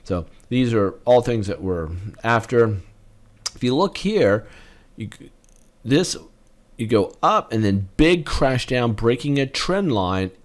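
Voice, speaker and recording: A man teaching trading patterns as he walks through charts, animated and punctuating price moves with sound effects. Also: mid-range voice, slow pace. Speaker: trading educator. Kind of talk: chart walkthrough lesson.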